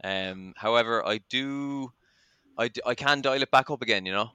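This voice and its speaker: A man's voice: mid-range voice, normal speed, bright, forceful tone, smooth, no echo. An Irish man hosting a casual podcast chat, chatty and self-deprecating, with plenty of ums. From Ireland. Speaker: podcast host.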